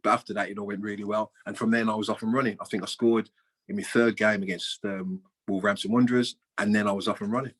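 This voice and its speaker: A man in his sixties, a former footballer, chatting as an interview guest and telling lively anecdotes, acting out the dialogue and swearing freely over a video call. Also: fairly low pitch, fast, slightly rough, rough recording. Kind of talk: casual storytelling interview.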